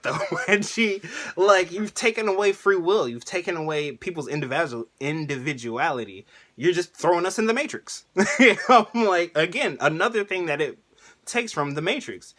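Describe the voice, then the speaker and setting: An excitable man in a casual rant, with a fairly high voice. His tone is bright and sharp. He laughs often and drops slang as he goes. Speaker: anime reviewer vlogger.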